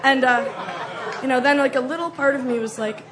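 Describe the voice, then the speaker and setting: A woman with a fairly high voice tells a comic story in an animated way, breaking into shrieks and mock voices as she acts out the scenes. The recording has a clear layer of background noise behind her. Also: a little fast, a crowd in the background.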